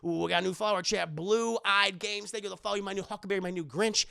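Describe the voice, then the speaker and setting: Gravelly, excitable male streamer. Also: high voice, very fast. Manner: excitable, profane, chatty to chat. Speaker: live-streamer movie reviewer. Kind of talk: animated movie recap on live stream.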